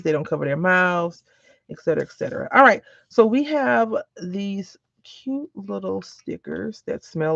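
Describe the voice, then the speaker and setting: A woman's voice: on the low side, gravelly, dry recording. A woman with a chatty, rambling way of talking, telling anecdotes while she works on a craft project in a casual vlog. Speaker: crafting vlogger. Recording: dull lo-fi recording.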